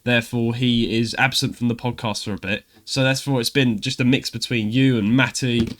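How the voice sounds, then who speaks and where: A man's voice: mid-range voice, steady tone, normal speed, a bit bright, slight background noise. A young man hosting a podcast, chatting in a rambling, upbeat way. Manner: chatty, rambling with restarts and laughs. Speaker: podcast host. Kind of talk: casual chat.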